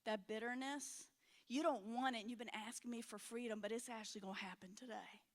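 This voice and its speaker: A middle-aged woman preaching a frank, emotional sermon in a church, swinging between loud and hushed. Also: on the high side, steady tone, fairly quick. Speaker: conference speaker.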